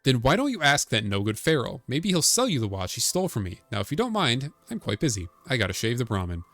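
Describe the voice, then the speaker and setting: A man's voice: mid-range voice, huge pitch swings, fast, fairly bright tone. A man voicing a boastful, cranky old male motel keeper in a video game, rambling and grumbling.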